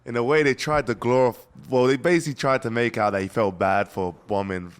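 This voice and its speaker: A jiu-jitsu competitor appears as a podcast guest, chatting casually and telling stories with lively energy. He swears freely and calls people "bro" and "man", speaking briskly in a mid-range voice with a clean tone.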